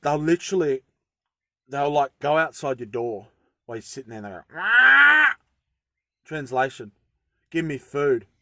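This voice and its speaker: A man's voice: medium pitch, dry recording, studio quality. A man chatting casually through a tool-sharpening tutorial, rambling and often interrupting himself. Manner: rambling, self-interrupting, easygoing. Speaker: bushcraft vlogger.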